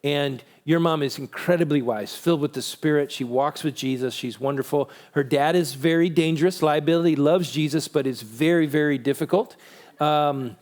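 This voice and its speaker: A middle-aged man speaking casually at a parenting conference, relaxed and conversational, answering questions from the room. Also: a little high, moderate pace. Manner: relaxed and conversational, many restarts.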